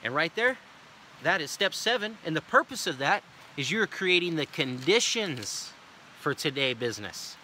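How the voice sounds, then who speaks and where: A man's voice: on the high side, big pitch swings, moderate pace, pushed and bright, slight background noise. Emphatic man coaching a sales team. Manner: emphatic, repetitive coaching delivery. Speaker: sales trainer. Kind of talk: sales training talk with role-played pitch lines.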